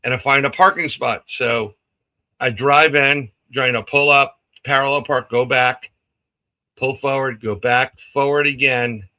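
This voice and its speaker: A man's voice: mid-range voice, measured pace, low-quality recording. A man casually telling a story on a live stream, acting out the lines of people in it and laughing often. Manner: animated, acts out quotes, laughs often.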